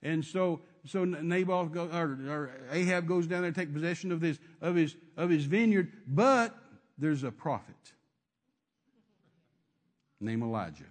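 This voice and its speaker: A man's voice: on the high side, expressive, a little slow. A man preaching a sermon, emphatic and repetitive, calling out to his congregation.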